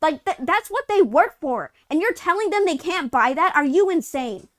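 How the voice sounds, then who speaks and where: Brief: woman, high voice, live-stream co-host, furious profane rant, dry close sound. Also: sing-song, moderate pace, dry recording. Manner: heated, profane ranting; exasperated rhetorical questions. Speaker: co-host of a live gaming news show. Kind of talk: casual live-stream chat.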